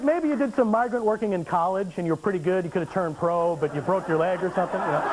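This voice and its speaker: A man doing a stand-up comedy set on a TV studio stage, animated with deadpan asides and frequent fillers. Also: sits high, heavy background noise. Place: TV studio stage before an audience.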